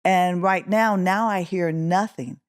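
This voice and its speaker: A middle-aged musician from Oakland, California, tells an animated story as an interview guest, her voice rising in pitch as she acts out quotes. She speaks slowly, with a clear, resonant tone.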